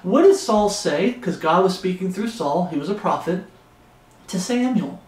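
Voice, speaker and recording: A man's voice: high-pitched, expressive, normal speed, darkish tone. A man preaching an expository Bible sermon with passion, often raising his voice. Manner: impassioned, raises his voice. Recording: echoey room.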